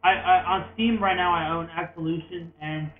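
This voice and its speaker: A young man co-hosting a podcast, chatting casually about games in an animated, rambling way with quick restarts. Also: high-pitched, a crowd in the background. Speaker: podcast co-host. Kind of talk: casual gaming chat. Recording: tinny echoey lo-fi room recording.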